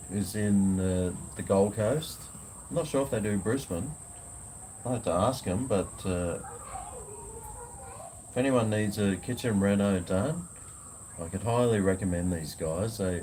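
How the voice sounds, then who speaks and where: Slow, low-voiced Australian man chatting. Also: a little mellow, a little hiss or hum. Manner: rambling, laid-back, swears casually. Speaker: food vlogger. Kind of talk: casual live chat. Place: outdoors on a home veranda.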